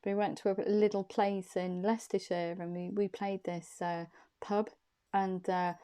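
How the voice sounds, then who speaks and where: A woman's voice: mid-range voice, level tone, unhurried, mellow, lightly acted. A woman quoting a laid-back male rock singer talking offhandedly about a pub gig. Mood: offhand.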